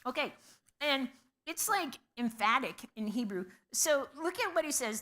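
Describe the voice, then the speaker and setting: Bright-voiced woman teaching a Bible class. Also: high voice, animated, measured pace. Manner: conversational, asks the class questions, many ums. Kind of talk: Bible study lecture.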